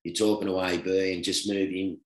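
A brisk, low-voiced Australian man, a former professional cricketer appearing as a guest, tells cricket stories in a casual chat. He laughs through animated anecdotes, swinging between loud and hushed, and the recording has a roomy echo.

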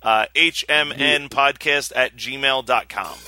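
A man's voice: mid-range voice, slow, loud music behind the voice. A man hosting a podcast in casual chat, chatty and laughing often, swearing casually. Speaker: podcast host.

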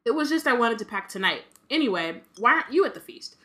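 A woman's voice: a little high, very animated, fast talker, pushed and bright, pitched above the performer's own voice. A woman reading aloud the lines of a dreamy, odd teenage girl in a light voice.

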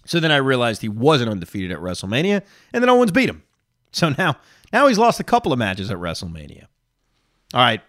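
A solo reaction podcast host talks straight to his listeners, animated and opinionated, with a lingering cough. His mid-range voice moves a little fast, recorded at studio quality with no room sound.

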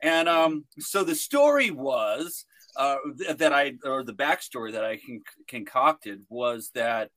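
A man's voice: mid-range voice, lively intonation, unhurried, fairly bright tone. A man telling a long story on a podcast, rambling with many restarts and fillers. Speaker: guest, protester.

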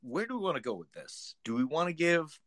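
A man's voice: on the high side, very animated, brisk, fairly bright tone, no room sound. A man co-hosting a casual podcast chat, full of dry, sarcastic asides. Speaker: podcast co-host.

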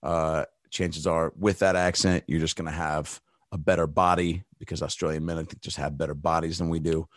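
A man's voice: rumbling low, flat delivery, moderate pace, no room sound, clean studio sound. A man guesting as a comedian on a podcast, riffing loosely in casual chat with plenty of profanity and fillers.

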